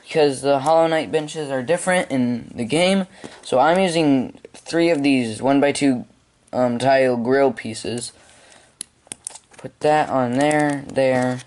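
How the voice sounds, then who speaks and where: A man giving step-by-step building instructions at home, halting with frequent ums. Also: medium pitch, darkish tone. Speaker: hobby video maker.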